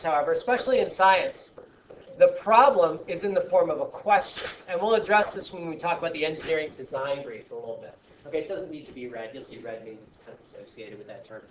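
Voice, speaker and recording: A man teaching a science class, talking in a chatty, joking way with animated asides to his students. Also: on the high side, a little hiss or hum. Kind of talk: classroom lesson. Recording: echoey classroom from far off.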